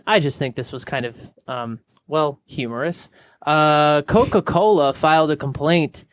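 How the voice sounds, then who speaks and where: A man's voice: fairly high pitch, no room sound. American guy co-hosting a beer podcast, jokey and hesitant, dry close sound. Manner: jokey, hesitant with many fillers. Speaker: podcast co-host. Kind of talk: casual chat.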